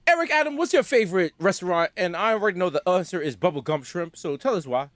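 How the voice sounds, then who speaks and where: A man's voice: sits high, lively intonation, quick pace, dry recording, clean studio sound. A man from the Bronx co-hosting a comedy podcast, riffing with absurd jokes and mock quotes in casual banter. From the Bronx, New York. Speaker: podcast co-host.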